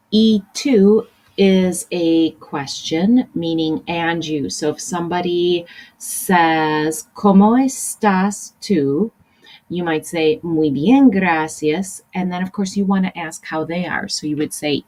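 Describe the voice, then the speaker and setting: A woman's voice: low-pitched, a little mellow, rough recording. A woman teaching a recorded language lesson, explaining patiently and switching between English and example phrases. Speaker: Spanish teacher.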